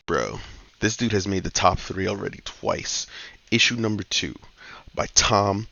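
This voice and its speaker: Gravelly low-voiced man reviewing comics. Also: measured pace. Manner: slangy, profane, excitable retelling. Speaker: comic book reviewer host. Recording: dull lo-fi dry recording.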